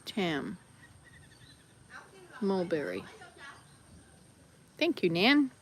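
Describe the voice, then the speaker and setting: A woman's voice: on the low side, very animated, extremely slow, a little hiss or hum. An older woman chatting casually in a travel vlog, rambling and correcting herself as she goes, filming outdoors by a hut. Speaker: vlogger. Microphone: handheld camera.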